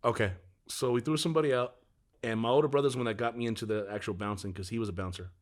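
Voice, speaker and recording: A middle-aged man, a music agent, telling stories in a casual interview, animated and swearing freely. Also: medium pitch, racing.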